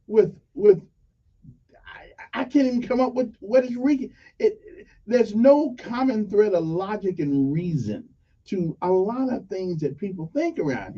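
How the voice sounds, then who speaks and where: Rambling radio host. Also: male voice, high-pitched, warm tone, distant mic. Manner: folksy, rambling, emphatic. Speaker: radio talk show host. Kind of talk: morning call-in radio talk. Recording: dull lo-fi radio sound, a bit off-mic.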